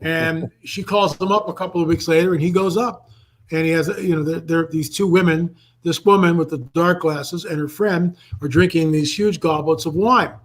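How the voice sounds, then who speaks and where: An older man speaks over a remote call as a guest researcher. His voice sits fairly high for a man. He tells his story with animation and acts out the quoted voices as he goes. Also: steady tone, moderate pace, low-quality recording. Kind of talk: storytelling in a live online interview.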